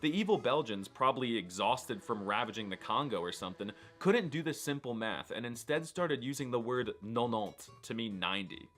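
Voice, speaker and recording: A man narrates a scripted comedy review with a deadpan, needling delivery. His mid-range voice rises and falls in lively swings. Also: mid-range voice, moderate pace, few pauses, soft background music. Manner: deadpan and provocative. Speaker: language review video host.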